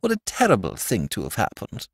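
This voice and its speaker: A man voicing a gushing middle-aged society woman in a high, effusive voice. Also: wildly swooping pitch, a little fast, breathy edge, dry recording, studio quality, heavily acted.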